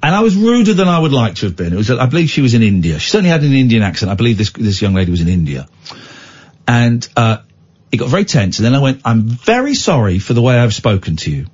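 Animated British man hosting radio chat. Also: medium pitch, fast, slightly rough. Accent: British English. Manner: animated storytelling, imitating others, exclaiming. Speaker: radio show host. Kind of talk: casual on-air chat. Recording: dull lo-fi radio sound.

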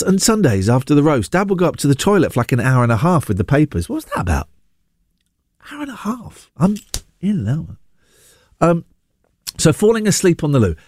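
A radio host, a man with a slightly high, somewhat mellow voice, chats casually with callers on a phone-in show, joking, sarcastic and self-mocking. He's coming down with a sore throat. The recording is dry and studio quality, made on a studio microphone in a radio studio.

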